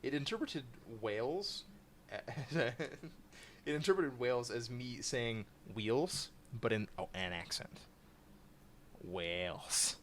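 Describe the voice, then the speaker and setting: A man co-hosting a casual podcast chat, excitable, laughing often and explaining trivia at length. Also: medium pitch, a little slow, a little hiss or hum. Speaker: podcast co-host.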